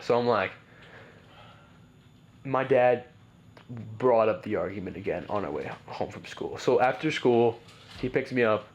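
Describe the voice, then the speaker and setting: A man's voice: fairly low pitch, animated, a little slow, pauses often, slight background noise. A man casually telling a personal story as a podcast guest, rambling with lots of "like" and "bro" and frequent restarts.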